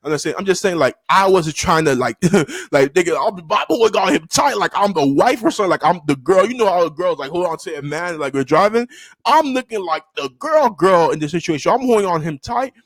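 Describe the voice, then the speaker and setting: A young man telling a story to camera in a loose, slangy way, full of fillers and restarts, and breaking into high-pitched yelps when he acts out quotes. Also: lively intonation, a little fast, a bit bright, no room sound. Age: young adult. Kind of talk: casual storytime.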